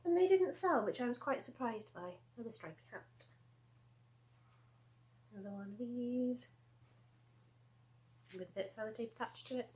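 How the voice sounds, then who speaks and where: A woman's voice: fairly high pitch, lively intonation, moderate pace, pauses often, mellow, rough recording. A woman in her thirties chatting casually at home as she shows off her handmade crochet pieces, rambling with asides and laughs. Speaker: crochet vlogger. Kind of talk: casual show-and-tell chat.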